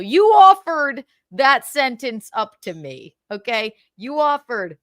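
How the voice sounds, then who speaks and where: A woman hosting a livestream, ranting heatedly about a man and swearing, with sudden loud outbursts and lots of repetition. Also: on the high side, very animated, takes it slowly, hardly any pauses, dry recording. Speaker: livestream host. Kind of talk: angry gossip rant on a livestream.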